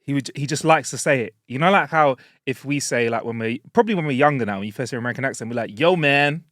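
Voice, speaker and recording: A man with co-hosts a comedy podcast in a relaxed, teasing way. His voice sits at an ordinary middle pitch, recorded dry and close. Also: racing, dry recording. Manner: teasing, relaxed, uses slang. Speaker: podcast co-host. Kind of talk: casual comedy podcast chat.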